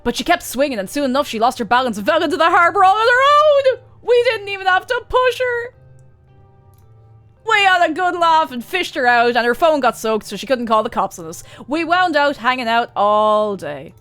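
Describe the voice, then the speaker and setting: A woman's voice: sits high, lively intonation, normal speed, soft background music, pitched above the performer's own voice. Woman doing a rowdy chatty young dude. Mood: gleeful. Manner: loud, gleeful, rambling.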